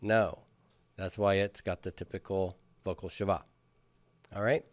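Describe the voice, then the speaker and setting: Guy teaching hebrew grammar to a class, smooth clear voice, dry close sound, keeps having them repeat after him. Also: sits low, flat delivery, a little slow, no room sound. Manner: patient, drills students with call-and-repeat. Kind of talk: classroom lecture with questions.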